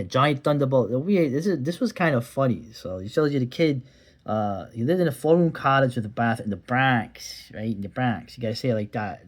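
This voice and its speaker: A man talks through an old comic book in a loose, rambling way, wandering off into asides. His commentary is casual and often sardonic. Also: mid-range voice.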